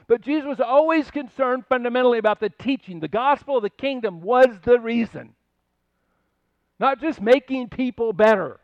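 A man's voice: extremely high pitch, moderate pace, no room sound, muffled recording. An older man preaching a sermon as pastor, talking in a conversational storytelling way with asides and rhetorical questions.

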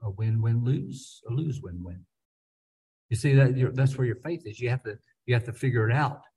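A man's voice: mid-range voice, a little fast, dark tone, breathy edge, poor audio. A man teaching a Bible study in a conversational way, thinking aloud with frequent restarts and repeated words.

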